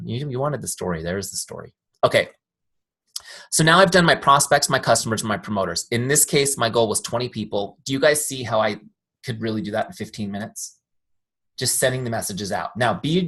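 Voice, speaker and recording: Teaching a casual live training by video call, a software founder speaks with a medium-pitched, somewhat bright voice. He chats and tells stories, frequently checking in with "make sense?"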